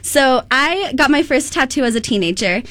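Bubbly lady host, high voice, chatty, dry room sound. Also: expressive, normal speed, a bit bright, no room sound. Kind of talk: casual group chat.

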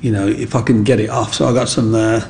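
A man's voice: lowish voice, flat delivery, fast, gravelly, a little mellow, slight background noise. A man telling his life story as an interview guest, acting out the voices of people in it. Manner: acts out voices in his anecdotes. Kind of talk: animated storytelling.

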